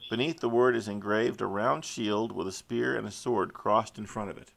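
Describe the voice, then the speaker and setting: Gravelly low Midwestern man as game master. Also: normal speed. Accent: Midwestern American. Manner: descriptive, with frequent restarts and fillers. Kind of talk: narrating an online tabletop game.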